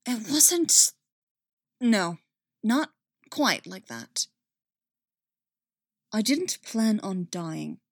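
A woman's voice: mid-range voice, big pitch swings, very slow, long pauses, breathy edge, no room sound, clean studio sound, full character voice. A woman voicing a proud former imperial officer man who speaks in clipped, strained bursts in a read-aloud story. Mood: defensive. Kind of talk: audiobook-style story reading.

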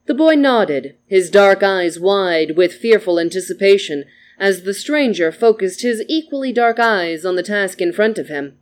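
A reader narrating a story with an even, gentle delivery. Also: mid-range voice, a little slow, few pauses.

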